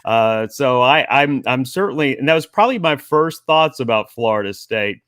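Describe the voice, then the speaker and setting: A man co-hosting a sports radio show, recalling old games and coaches in an earnest, halting way. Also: mid-range voice, lively intonation, a bit bright, no echo, clean studio sound. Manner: earnest, reminiscing, with filler pauses. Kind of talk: casual sports talk.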